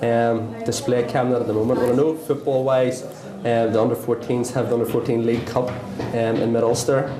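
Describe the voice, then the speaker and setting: A man's voice: mid-range voice, little pitch movement, brisk. A male PE teacher, answering interview questions hesitantly with lots of ums and restarts. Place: busy school hall at an open night. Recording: echoey hall with crowd chatter.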